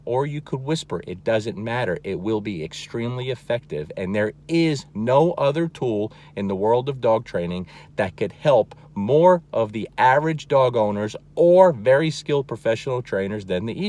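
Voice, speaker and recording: A man's voice: mid-range voice, lively intonation, normal speed, hardly any pauses, darkish tone. A man teaching as a dog trainer, talking plainly and emphatically, often checking in with "okay?" and repeating key words. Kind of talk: instructional talk to camera.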